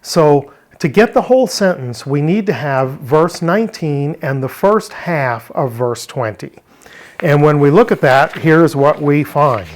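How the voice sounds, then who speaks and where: A man's voice: a little high, expressive, measured pace. A man teaching a verse-by-verse Greek word study, explaining step by step and posing rhetorical questions. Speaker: Bible language teacher.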